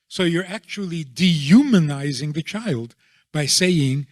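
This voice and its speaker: A man being interviewed as a rabbi, explaining his views in a deliberate way and often checking in with a rhetorical question. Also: fairly high pitch, animated, dry recording, studio quality.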